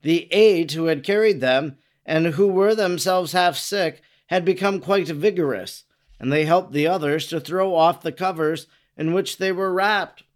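A man narrating a religious text in a measured, formal reading. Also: on the high side.

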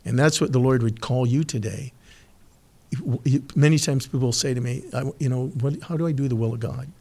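A man giving an earnest devotional talk and prayer, speaking slowly and emphatically with pauses, at times emotional. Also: medium pitch, warm tone. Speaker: podcast host giving a devotional.

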